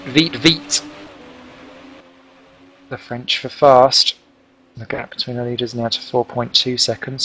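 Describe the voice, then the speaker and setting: A man giving lively, jokey play-by-play commentary on a sim race broadcast. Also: mid-range voice, muffled recording. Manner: excitable, jokey, chatty play-by-play. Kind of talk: live sim racing commentary.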